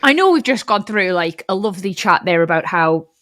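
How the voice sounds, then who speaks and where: A woman's voice: mid-range voice, expressive, brisk, a bit bright, dry recording, clean studio sound. A woman hosting a podcast in casual, chatty talk, often laughing and calling her guest mate. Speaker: podcast host. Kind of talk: casual chat.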